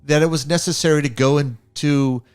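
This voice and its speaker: A man's voice: fairly high pitch, fairly even intonation, moderate pace, darkish tone, clear, resonant tone. A man co-hosting a film review podcast in casual chat, musing aloud and asking questions as he restarts his thoughts. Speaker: podcast co-host.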